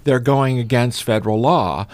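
A man hosting a live radio talk show from a studio, chatting in a relaxed, folksy way. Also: mid-range voice, normal speed, dry recording.

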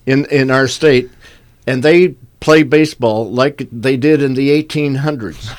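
A man, a sheriff, chatting as a guest on a radio show with many pauses and fillers. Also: mid-range voice. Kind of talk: casual radio chat.

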